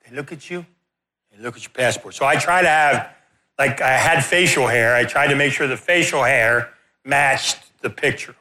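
Man preaching, animated storyteller, pokes fun at himself, sharp bright tone. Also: medium pitch, moderate pace. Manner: animated, self-deprecating storyteller. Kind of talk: sermon storytelling.

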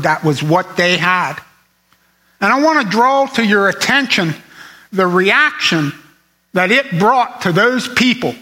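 High-voiced bright-toned preacher. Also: male voice, rough recording. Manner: earnest, emphatic, repeats phrases for stress. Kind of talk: sermon.

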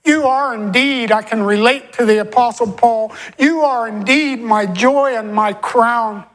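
A woman preaching a farewell sermon, slowing down and stretching key phrases and repeating short refrains. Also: on the high side, low-quality recording.

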